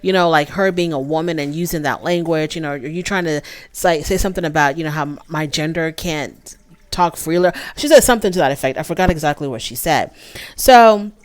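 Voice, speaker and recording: Woman, show reviewer, opinionated, chatty, lowish voice, dry sound. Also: brisk, dry recording. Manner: opinionated, chatty, many fillers. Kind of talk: casual recap commentary.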